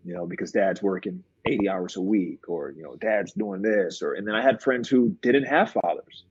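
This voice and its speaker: Husky middle-aged man, low voice, earnest interview guest, slightly muffled dry recording. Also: moderate pace, no echo. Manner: earnest, reflective, repeats phrases for emphasis. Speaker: guest, former pro basketball player and mindset coach. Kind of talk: conversational interview storytelling.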